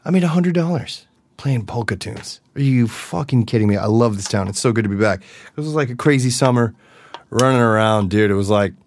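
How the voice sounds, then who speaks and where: A man hosting a podcast, chatting casually and energetically, profane, with loud bursts and mumbled asides. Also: mid-range voice, a little fast, a little hiss or hum. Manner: animated and profane, swings from loud bursts to mutters. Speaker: podcast host. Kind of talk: casual solo podcast chat.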